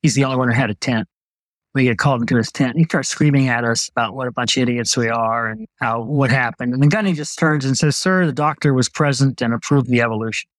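An older man, a retired Navy doctor, telling stories as a guest in an interview, relaxed and anecdotal. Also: medium pitch, fast, no echo, low-quality recording. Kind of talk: storytelling in an interview.

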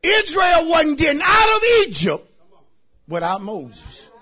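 A pastor preaching a sermon in a church, shouting lines for the congregation to repeat and then dropping into quiet asides. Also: male voice, very high voice, huge pitch swings, slow. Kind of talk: shouted call-and-response sermon. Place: church sanctuary.

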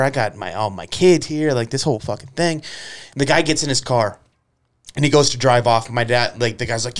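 A man's voice: mid-range voice, brisk. A man hosting a podcast, telling a rambling, profanity-heavy story and laughing often. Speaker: podcast host. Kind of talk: casual podcast chat.

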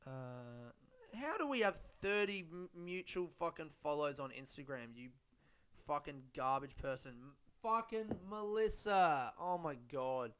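A man's voice: on the high side, animated, a little slow, a bit bright, clear, resonant tone. A man hosting a solo podcast on his own mic, rambling casually with lots of swearing and self-mockery. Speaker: podcast host. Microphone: studio-style podcast mic.

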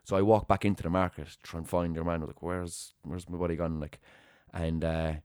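A young man tells a story on his podcast, quick and animated, acting out what other people said. His voice sits low. The sound is dry and close, with no room around it. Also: smooth, dry recording. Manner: animated anecdote-telling with acted-out quotes and laughter. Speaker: podcast host. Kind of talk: casual storytelling chat.

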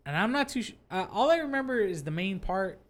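Male podcast host, higher register, casual and profane, animated storyteller. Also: brisk. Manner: swears freely, animated storytelling. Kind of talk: casual chat, telling a ghost story. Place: his own two-story house.

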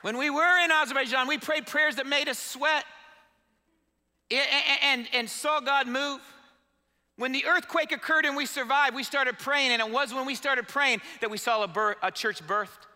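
Fervent high-voiced male preacher. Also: moderate pace, sharp tone. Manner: fervent call-and-response preaching. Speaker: pastor. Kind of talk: sermon. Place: church sanctuary. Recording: long hall reverb.

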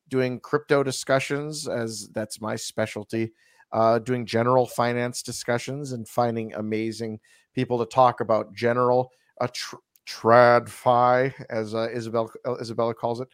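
A man's voice: mid-range voice, no echo, studio quality. A man co-hosting a podcast in casual chat, joking and telling comic stories with many fillers. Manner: joking, tells comic stories with put-on quotes. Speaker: podcast co-host.

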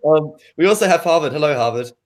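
A man's voice: a little high, animated, fast. A man hosting a podcast in casual chat, playful and laughing often. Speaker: podcast host.

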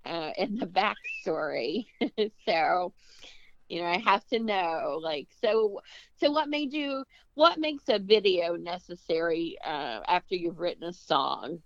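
Woman interviewer, gravelly low voice, hesitant, dry lo-fi sound. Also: expressive, slow pace, no echo. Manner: hesitant, thoughtful, with fillers. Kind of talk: interview questions.

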